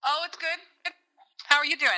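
A young woman with a high, very bright voice speaks on a phone call. She is friendly, polite and easygoing as she answers a friend's questions. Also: fairly even intonation, moderate pace.

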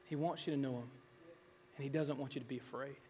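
A man's voice: mid-range voice, steady tone, quick pace, darkish tone, slight background noise. A man preaching a sermon as pastor, telling homely stories and rising into emphatic, pleading calls to his listeners. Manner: storytelling that swells into emphatic, rising exhortation. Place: church sanctuary. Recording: long reverb of a large hall.

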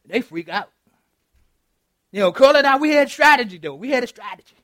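A middle-aged man preaches with a very high, ringing voice. He is animated and laughs often, keeps checking in with his congregation, and sounds close and dry with no echo. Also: rapid-fire. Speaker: pastor. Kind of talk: interactive sermon. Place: church.

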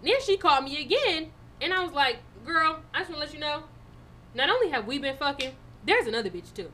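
High bright-voiced woman telling a story. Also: fairly quick, slight background noise. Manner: animated storytelling, swearing, laughing often. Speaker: podcast co-host. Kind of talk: casual chat.

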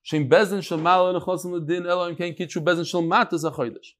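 A man with a fairly high voice leads a live Talmud study group. He chants the Aramaic lines, then breaks into chatty English explanation and banter with his students. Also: fairly even intonation, fast talker, a bit bright. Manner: jokes and bickers with students. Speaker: Talmud teacher. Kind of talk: casual daily Talmud class.

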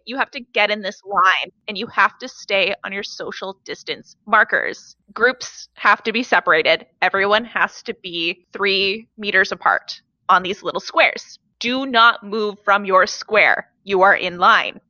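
A woman's voice: mid-range voice, sharp tone, dry recording, muffled recording. A woman co-hosting a casual podcast, telling stories in a chatty, wry way. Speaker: podcast co-host.

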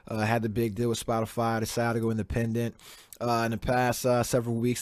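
A man's voice: mid-range voice, monotone, a little fast, a little mellow, dry recording. A man hosting his own podcast in a casual solo rant, swearing a lot and repeating himself as he works himself up, speaking close to a desk mic. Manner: profane, heated, repeats himself. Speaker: podcast host. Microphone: desk mic, virtual background on video.

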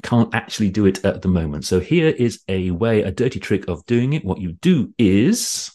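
A man giving an online conference talk on presentations, lively and conversational, with a fairly low voice. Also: normal speed. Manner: lively, animated, loose and conversational. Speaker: presentation coach.

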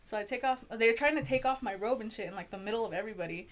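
A young woman telling a personal story in casual chat, animated, swearing a lot and acting out the voices she quotes. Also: fairly high pitch, very fast, a crowd in the background. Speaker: guest storyteller.

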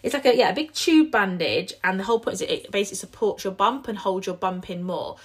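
A young woman, hosting a casual solo podcast, her voice a bit croaky, chatty with lots of fillers and restarts. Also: mid-range voice, expressive, fast. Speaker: podcast host.

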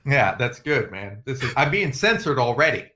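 A man's voice: medium pitch, sing-song, normal speed, bright, forceful tone, slight background noise. A man co-hosting a stream, chatting casually and profanely, joking and laughing often. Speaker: streamer co-host.

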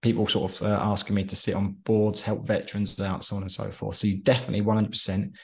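A man chats through an interview over the phone, telling one story after another. He talks fast in a lowish voice and keeps slipping into quick impressions of the people in his stories. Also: flat delivery, gravelly. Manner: chatty storyteller, drops into quick impressions of others. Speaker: interview guest, former soldier turned entrepreneur. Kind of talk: casual interview chat. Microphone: phone call.

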